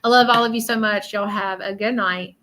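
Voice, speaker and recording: Soft-spoken woman streaming live. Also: medium pitch, fairly even intonation. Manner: soft, halting, many fillers. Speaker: psychic medium livestreamer. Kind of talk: casual live stream reading.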